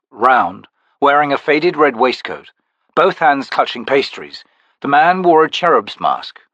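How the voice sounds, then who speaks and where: A man narrating a fantasy audiobook with expressive storytelling. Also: medium pitch, no room sound.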